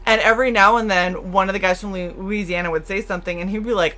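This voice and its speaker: A woman's voice: mid-range voice, quick pace. A woman co-hosting a casual stream, telling stories and acting out the people in them. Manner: animated storyteller, acts out quotes. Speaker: co-host. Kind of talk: casual stream chat, storytelling.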